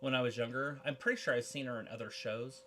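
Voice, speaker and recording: A woman's voice: rumbling low, fast. A woman co-hosting a casual live watch-along of a wrestling show, bantering and joking. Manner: animated, jokey banter. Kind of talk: casual live reaction chat.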